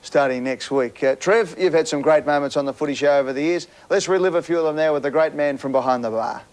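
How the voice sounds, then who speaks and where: Fast-talking Australian TV host. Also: male voice, on the high side, a little mellow. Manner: brisk storyteller, quotes others in his tales. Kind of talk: hosting a TV panel show, telling anecdotes. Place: TV studio.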